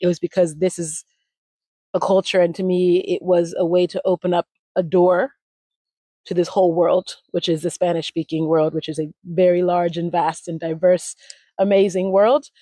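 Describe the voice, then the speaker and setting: A woman in her forties being interviewed, telling animated stories and acting out quoted voices. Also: fairly low pitch, normal speed, no echo. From United States. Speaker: language retreat founder, interview guest. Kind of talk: conversational interview storytelling.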